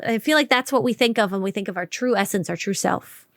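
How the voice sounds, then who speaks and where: A woman hosting a relationship advice podcast, talking straight to listeners in a direct, conversational way and slowing down for emphasis. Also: mid-range voice, dry recording, clean studio sound. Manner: warm, direct, conversational with slow emphatic stretches. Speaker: podcast host. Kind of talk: solo podcast advice talk.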